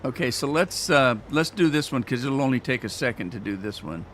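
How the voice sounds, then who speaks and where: Brisk and lively in intonation, a man's medium-pitched, slightly bright voice carries over a little hiss or hum. He's a gaming streamer chatting through a farming game on stream, rambling and teasing himself.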